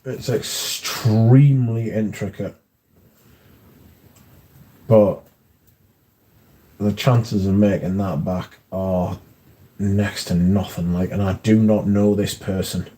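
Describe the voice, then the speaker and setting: Low-key swearing man. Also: fairly even intonation, takes it slowly, pauses often, dark tone. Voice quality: swears freely, rambling anecdotes. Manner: chatty, repeats filler words. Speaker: livestream host. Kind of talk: casual chat with viewers.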